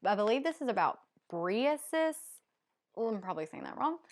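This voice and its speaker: A woman's voice: on the high side, very animated, moderate pace. A woman with a Southern US accent chatting casually as a book vlogger, rambling and hesitant with many ums. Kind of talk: casual chat.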